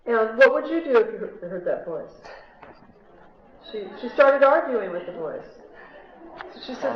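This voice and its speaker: Her voice on the high side and full of lively intonation, an American woman speaks unhurriedly with long pauses during a live spiritual talk. She tells stories and quizzes the crowd in a big hall, captured lo-fi and echoey on an audience member's handheld MP3 player.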